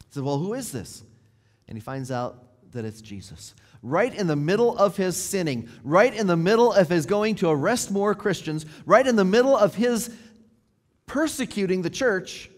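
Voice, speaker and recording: Man in the pulpit, somewhat high voice, conversational storytelling sermon, phrases fading to a hush, church reverb. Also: expressive, moderate pace. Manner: drops to a near hush at ends of phrases, then rises. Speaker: pastor. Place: church sanctuary.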